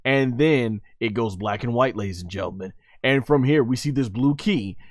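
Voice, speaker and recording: A man giving an excited, enthusiastic breakdown of an anime fight, sometimes acting out the characters' shouts. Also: mid-range voice, moderate pace, no echo, clean studio sound. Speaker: anime commentary host.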